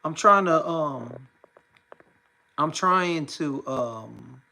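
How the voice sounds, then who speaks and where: A man hosting a casual boxing livestream, talking haltingly with many fillers and restarts and greeting viewers by name. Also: on the high side, gravelly, sharp tone, reverberant, poor audio. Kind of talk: casual live-stream talk.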